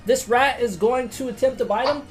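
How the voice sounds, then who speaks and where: A woman running a tabletop game as game master, excitable and swearing, swinging from quiet to loud. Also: a little high, normal speed, soft background music.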